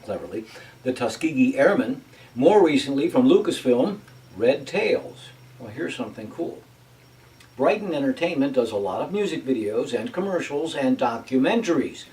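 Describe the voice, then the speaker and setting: A man's voice: mid-range voice, warm tone. A man hosting a personal video update as an actor, chatty with wry asides. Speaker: vlog host and actor. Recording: voice from a distance off mic.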